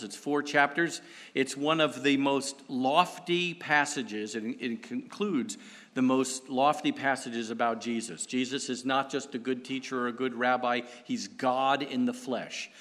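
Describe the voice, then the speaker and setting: A man preaching as a guest speaker in a church, telling stories with humor about himself and pausing often on fillers. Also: mid-range voice, fairly bright tone, long reverb tail. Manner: self-deprecating, storytelling, halting with fillers. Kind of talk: sermon.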